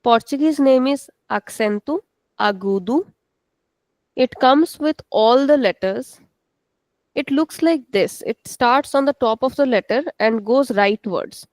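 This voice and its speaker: A woman's voice: on the high side, a little slow, darkish tone, dry recording. A woman teaching a language lesson, explaining step by step and checking in with "okay". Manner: switches into Hindi to explain.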